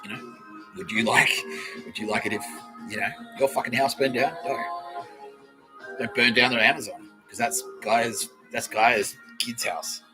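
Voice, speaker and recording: A man's voice: medium pitch, steady tone, moderate pace, music in the background, rough recording. A man hosting a comedy podcast livestream, rambling, swearing freely and often breaking into laughter. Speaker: podcast host.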